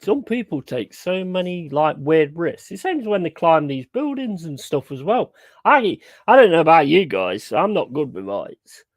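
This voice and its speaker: Blunt, sweary streamer. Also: male voice, a little high, sing-song, a little slow, no echo. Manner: blunt, sweary, emphatic repetition. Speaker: streamer hosting a football watchalong. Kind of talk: casual live-stream chat.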